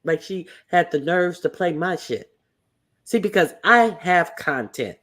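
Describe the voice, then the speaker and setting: A woman's voice: lowish voice, expressive, a little slow, fairly bright tone. A woman hosting a casual commentary livestream, blunt and profane, with many fillers and restarts. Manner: hesitant, lots of fillers and restarts. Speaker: livestream host.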